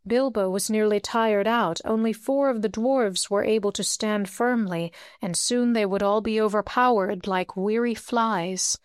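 A woman reading a fantasy novel aloud in a steady storytelling manner, lifting her voice for dialogue. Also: medium pitch, unhurried, hardly any pauses, clean tone, no room sound, studio quality. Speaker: narrator. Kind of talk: audiobook reading.

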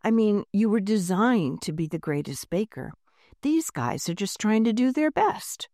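A woman voicing a curious, clever schoolgirl inventor in a storybook reading, talking in a brisk, determined way. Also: mid-range voice, very animated, mellow, no room sound, studio quality. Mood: coaxing.

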